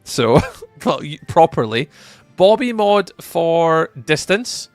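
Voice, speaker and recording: A young Scottish man chats casually on a live stream, reading viewer messages aloud and answering them. His voice is very animated but slow, and it jumps high whenever he greets viewers. There is no room sound, only faint music behind him.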